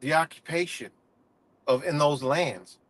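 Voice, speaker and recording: Man, livestream host, heated profane rant, rambling fillers, slightly high voice. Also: measured pace, a bit bright, no room sound.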